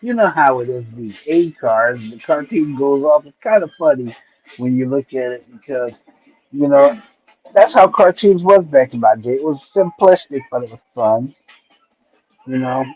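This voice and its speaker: A man's voice: mid-range voice, animated, moderate pace. A middle-aged man hosting a stream, retelling old stories in a rambling, casual way and often checking in with "right?" and "you know". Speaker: stream host. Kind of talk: casual nostalgic storytelling. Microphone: streaming mic. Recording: dull lo-fi stream audio.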